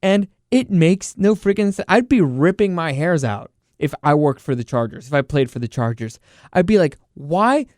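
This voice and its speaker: A male podcast host delivers casual sports commentary as an exasperated, animated rant. His voice is high, smooth and resonant. The recording is close and dry. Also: moderate pace, dry recording.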